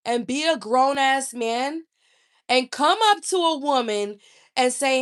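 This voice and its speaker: A woman in her thirties from Charlotte, a YouTuber ranting in a blunt, profane, animated way. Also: high-pitched, a little slow. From Charlotte, North Carolina. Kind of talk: casual storytelling rant.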